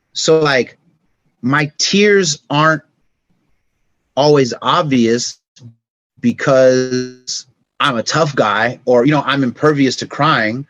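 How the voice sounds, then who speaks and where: Animated storytelling man, dry sound. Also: no room sound, lo-fi sound. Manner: animated, acts out scenes with sound effects; reflective, turns soft and low on emotional points. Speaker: podcast guest. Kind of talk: casual storytelling conversation.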